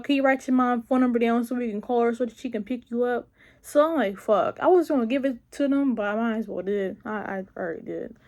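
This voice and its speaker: A young woman, telling a casual, profane storytime vlog and acting out the voices of people in her story. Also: sits high. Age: young adult. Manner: animated, profane, acts out quoted voices. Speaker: vlogger.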